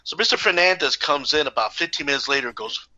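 A man telling a casual story in an animated way, acting out the people in it. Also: fairly high pitch, quick pace, lo-fi sound. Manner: animated, acts out the characters. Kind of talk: casual anecdote.

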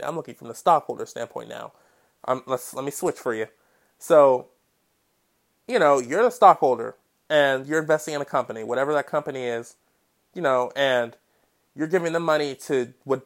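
Chatty man hosting a podcast, jokey asides. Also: medium pitch. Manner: chatty and digressive, with jokey side remarks; swings between loud bursts and quiet mutters. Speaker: podcast host. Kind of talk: casual solo podcast explainer.

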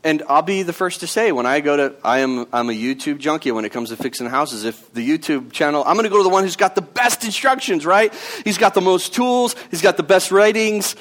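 A man's voice: a little high, expressive, fairly quick, few pauses, fairly bright tone. A man in his thirties preaching a sermon in an earnest, conversational way, with casual asides. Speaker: pastor.

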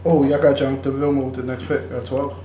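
A man's voice: medium pitch, flat delivery, fast, dark tone. A man co-hosting a casual sports chat, running through old draft picks in loose, slang-heavy banter. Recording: echoey room with faint background noise.

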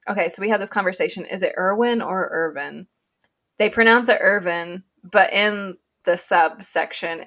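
A woman co-hosting a podcast chats casually, laughing often and using lots of fillers. Her voice is medium-pitched with a fairly bright tone.

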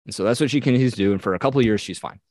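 A man in the middle of a lively retelling on a podcast, jumping into little voices for the characters as he goes. His pitch sits mid-range and the sound is close and dry, with no room around it. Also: rapid-fire, no echo. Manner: animated retelling, acting out quoted characters. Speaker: podcast co-host. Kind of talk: casual storytelling chat.

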